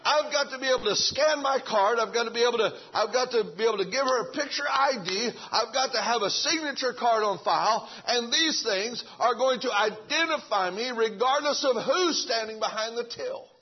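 A man's voice: very high voice, brisk, few pauses, breathy edge, dull audio. A man preaching a sermon in a folksy way, stumbling over restarts and calling out amen.

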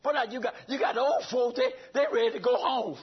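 A man's voice: extremely high pitch, quick pace, highs cut off. An older man preaching a sermon, hollering and calling out to the congregation with laughing asides. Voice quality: raspy.

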